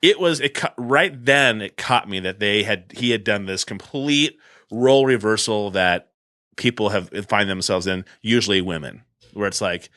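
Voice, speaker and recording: A man's voice: on the low side, moderate pace, dry recording, studio quality. A middle-aged man, co-hosting a podcast and telling a story animatedly in casual chat. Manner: animated storyteller acting out scenes. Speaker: podcast co-host.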